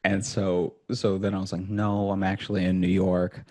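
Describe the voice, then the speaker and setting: A man telling a comic story in casual chat, acting out the people in it and breaking into laughter. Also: normal speed. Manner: animated storytelling, acts out quotes with rising pitch and laughter.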